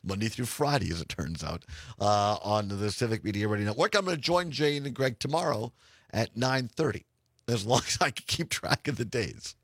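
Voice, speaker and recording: Hoarse talk radio host, lively and gravelly. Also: male voice, fairly low pitch, moderate pace, no room sound. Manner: laughs often, warm easygoing rambling. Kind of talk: chatty talk radio banter. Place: radio studio in an office building.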